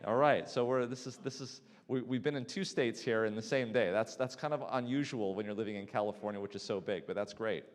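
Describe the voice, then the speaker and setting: A man's voice: fairly low pitch, brisk, few pauses. Man, middle-aged, lecturing, conversational, questions to audience, echoing hall. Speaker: sleep specialist lecturer. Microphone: handheld mic, swapped mid-talk. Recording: long hall reverb.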